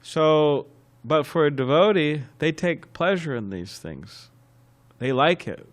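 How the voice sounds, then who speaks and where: A man's voice: on the high side, takes it slowly. Man telling stories in a temple class. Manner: lively storytelling with chuckles and restarts. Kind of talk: sermon with storytelling.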